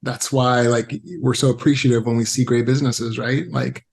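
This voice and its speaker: A man's voice: medium pitch, fairly even intonation, normal speed, gravelly, darkish tone. Easygoing man telling stories. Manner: reflective, conversational storytelling. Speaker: podcast guest. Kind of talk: casual conversation.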